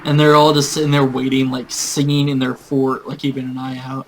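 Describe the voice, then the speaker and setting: A man casually retelling a tabletop game session. He rambles, with lots of fillers, at a middling pitch. Faint background noise sits behind his voice. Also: monotone, brisk, poor audio. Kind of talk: casual storytelling.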